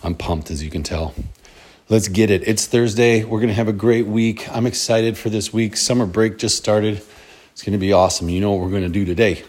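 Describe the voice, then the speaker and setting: A middle-aged man with a slightly low voice hosts his own podcast, speaking solo in a loose, conversational way. He sounds upbeat and motivational, and he rambles and restarts his sentences as the thoughts come. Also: little pitch movement, a little fast, a little mellow. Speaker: podcast host. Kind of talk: casual solo podcast monologue.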